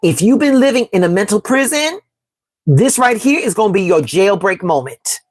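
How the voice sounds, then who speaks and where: A woman's voice: mid-range voice, sing-song, normal speed, a little mellow, no echo. A woman from Chicago hosting a live-stream tarot reading. She talks emphatically and repeats herself, calls her viewers "baby" and "y'all," and reads from the chat. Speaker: tarot reader and astrology host.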